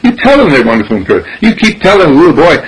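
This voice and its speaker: A man giving an animated spiritual teaching, repeating phrases and acting out dialogues. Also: fairly high pitch, very fast, slightly rough, low-quality recording. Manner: animated, repetitive, acts out dialogue.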